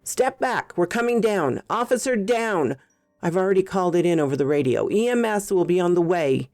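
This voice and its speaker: A woman's voice: on the low side, expressive, moderate pace, darkish tone, dry recording, studio quality, soft background music. A woman storyteller voicing a young, stressed police officer who calls out urgent, clipped orders.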